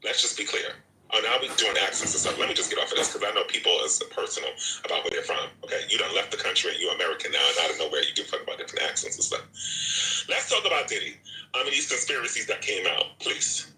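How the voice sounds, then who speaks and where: A man's voice: lowish voice, very animated, quick pace, sharp tone, roomy sound, rough recording. A man hosting a live audio chat room, ranting in a profane, repetitive way. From Jamaica. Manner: profane, repetitive, talks over himself. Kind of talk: animated rant.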